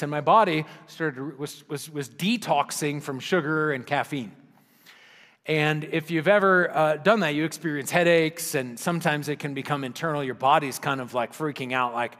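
A man preaching a sermon, earnest and emphatic, dropping to a hushed, prayerful tone at times. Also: fairly high pitch. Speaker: pastor. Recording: long hall reverb with faint music.

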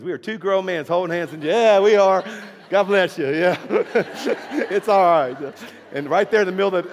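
A man preaching a storytelling sermon as a guest preacher in a church. He speaks animatedly, fires off rhetorical questions and laughs at his own stories. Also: fairly high pitch. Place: church sanctuary. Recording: echoey hall with faint music.

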